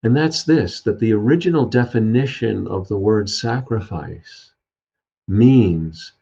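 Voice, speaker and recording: A man, acting as storyteller and speaker, recounts an old folk tale and reflects on it in a spiritual talk, unhurried, with many fillers and restarts. His fairly low voice is slow, creaky, warm and slightly rough, captured with dull lo-fi sound.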